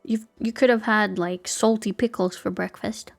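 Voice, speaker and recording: A woman's voice: medium pitch, steady tone, normal speed, gravelly, soft background music. A young woman streaming a game live, chatting playfully with viewers and swearing casually.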